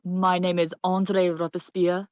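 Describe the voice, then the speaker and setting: Woman doing a smug firebrand male politician, slow deliberate delivery, lowish voice, dry sound. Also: level tone, no room sound, lo-fi sound, lightly acted. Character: smug left-wing male politician, middle-aged.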